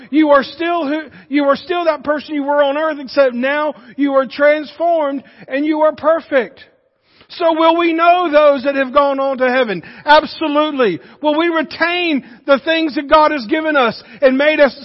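A man's voice: very high-pitched, normal speed. A man preaching a sermon in a church, emphatic and conversational, with joking asides to the congregation. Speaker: pastor. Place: church sanctuary. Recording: reverberant hall, dull muffled sound.

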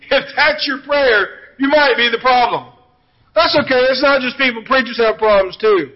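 A man's voice: very high voice, normal speed, dull audio. A man preaching a sermon as pastor, telling joke illustrations and then turning earnest. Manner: storytelling preacher, jokey asides then earnest.

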